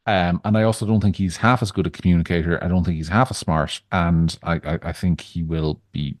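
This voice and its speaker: A man co-hosting a political podcast, giving measured opinions in casual chat with frequent restarts. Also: low voice, fairly even intonation, dry recording, clean studio sound. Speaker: podcast co-host.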